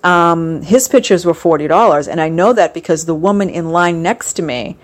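A woman with a slightly low voice chats casually and at length. She rambles and gushes, with many pauses and fillers between her thoughts. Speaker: vlogger recounting a fan convention. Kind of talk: casual chat.

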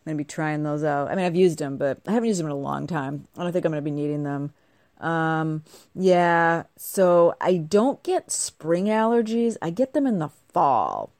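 A woman's voice: low voice, animated, normal speed, a little mellow, no echo, clean studio sound. A middle-aged woman chatting casually to camera at home, bubbly and rambling, her voice a little nasal from a congested cold. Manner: bubbly, chatty, wandering asides. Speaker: vlogger.

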